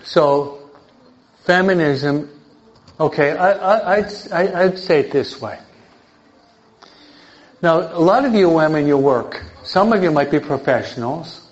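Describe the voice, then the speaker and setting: An older man, a priest teaching an adult catechism class in a lively sermon style, emphatic and often checking in with his listeners. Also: on the high side, slow, pauses often. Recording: dull lo-fi recording.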